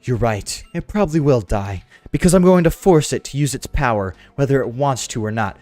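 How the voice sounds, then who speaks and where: A man reading the lines of a cold, haughty villain mother from a game in his own voice, scornful and slow. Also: mid-range voice, expressive, a little mellow, no echo, soft background music, lightly acted. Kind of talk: reading game dialogue aloud.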